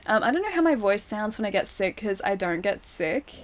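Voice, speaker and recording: A woman's voice: medium pitch, sing-song, fairly quick, background noise. A woman streamer chatting casually while she plays a game, reading viewer messages aloud and laughing often. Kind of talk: casual live-stream chat while gaming.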